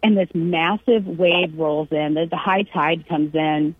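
Husky woman telling stories over a tinny line. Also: deep voice, unhurried, no room sound. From California. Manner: animated anecdote-telling, acts out quotes. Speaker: storyteller. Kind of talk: casual chat. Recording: tinny phone-line sound.

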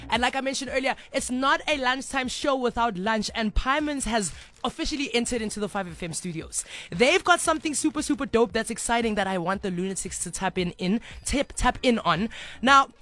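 Excitable woman radio host, bright voice. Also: on the high side, brisk, faint music behind. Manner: excitable, playful. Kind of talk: lunchtime radio banter. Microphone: studio microphone.

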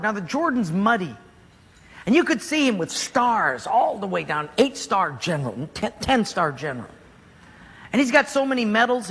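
A man preaching a storytelling sermon, animated and joking as he acts out scenes. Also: high voice, husky. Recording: long hall reverb.

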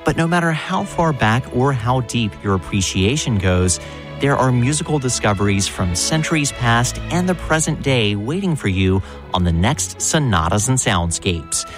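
A man reading a promotional radio announcement in an inviting, expressive way. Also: medium pitch, moderate pace, over music.

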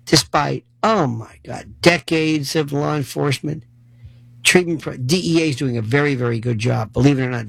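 A man's voice: a little high, gravelly, slightly rough, no room sound, low-quality recording. A male political commentator delivering a sarcastic monologue and rattling off long lists of issues.

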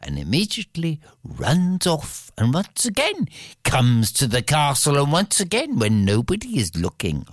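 A storyteller spinning a fairy tale with expressive, playful delivery and repeated phrases. The voice swoops widely up and down and moves at an unhurried pace. It sounds dry and close, with no room around it. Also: medium pitch, dry recording.

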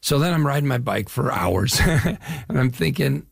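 A man's voice: medium pitch, animated, moderate pace, creaky, husky, dry recording, clean studio sound. An older man from the Chicago area, an actor guest telling stories with enthusiasm in a casual interview. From Chicago area, US Midwest.

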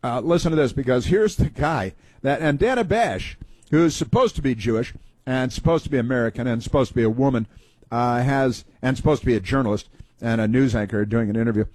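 A man's voice: mid-range voice, a little fast, darkish tone, no room sound. A man hosting a talk show, giving sarcastic, rambling political commentary with many fillers. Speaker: talk radio host.

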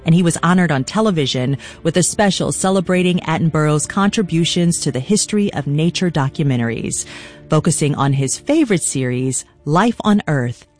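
A radio host reads the show's segment links in a clear, announcer-like way. The voice sits in a middle pitch. Soft music plays faintly underneath. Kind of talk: scripted radio hosting.

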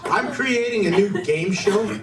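A man's voice: high-pitched, measured pace. Dry comic man in a distant, roomy club. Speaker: stand-up comedian. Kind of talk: dry stand-up set. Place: comedy club stage. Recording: distant, roomy club recording with a noisy crowd.

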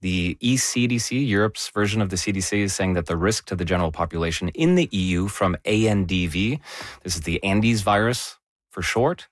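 A man's voice: deep voice, animated, brisk, no echo, studio quality. A man explaining a virus outbreak in an emphatic, detailed news-discussion style.

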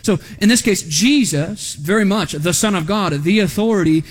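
A man's voice: high voice, normal speed. A man preaching a sermon as pastor, emphatic, asking rhetorical questions and dropping into a stern voice for quotes. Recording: hall reverb.

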